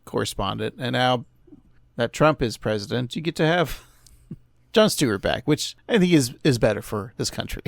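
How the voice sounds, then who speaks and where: A man's voice: medium pitch, expressive, normal speed, gravelly, no echo, clean studio sound. A man co-hosting a podcast, chatting casually with jokey, laughing asides. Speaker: podcast co-host. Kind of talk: casual chat.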